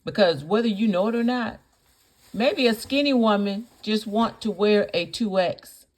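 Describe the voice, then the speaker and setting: Woman ranting in a reaction vlog, slow and deliberate, keeps asking why'd you have to go there, repeats herself a lot. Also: medium pitch, a little mellow. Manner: indignant, scolding, full of rhetorical questions. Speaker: reaction video host. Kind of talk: reaction commentary.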